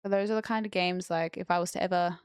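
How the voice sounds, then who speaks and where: A woman's voice: lowish voice, steady tone, quick pace, clean tone, no room sound. A young woman streamer chatting casually with her viewers and answering chat on a close mic.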